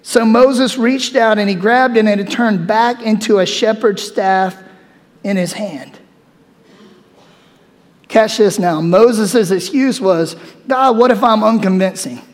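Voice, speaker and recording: A male preacher gives a sermon, talking to his listeners the way he would in conversation and acting out the scripture with lively asides. His voice sits high for a man. A long reverb from a big hall trails behind every phrase. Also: takes it slowly.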